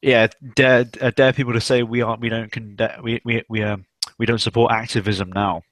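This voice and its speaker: A man's voice: medium pitch, flat delivery, brisk, fairly bright tone, no echo. A young man hosting a casual livestream chat, rambling and swearing, with many fillers. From South West England. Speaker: stream host.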